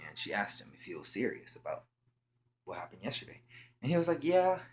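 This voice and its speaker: A young man with a low voice tells a story casually, full of slang. He halts often and restarts his sentences. A faint hum runs behind his voice. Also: very animated, a bit bright. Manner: slangy, halting, with frequent restarts. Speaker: vlogger.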